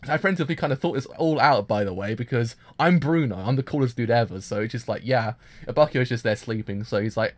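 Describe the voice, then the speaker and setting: A man streaming a live anime reaction, gushing and excitable, with many restarts and fillers. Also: mid-range voice, brisk. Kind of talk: casual live reaction commentary.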